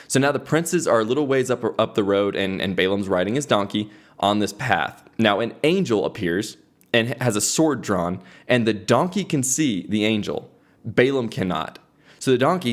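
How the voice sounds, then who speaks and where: Young man retelling a story casually. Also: on the low side. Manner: conversational, frequent restarts. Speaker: podcast host.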